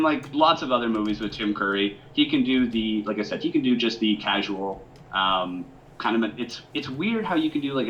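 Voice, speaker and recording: A man with a lowish voice co-hosts a casual podcast, sounding easygoing and hesitant and using lots of fillers. The recording has its highs cut off and carries a little hiss or hum.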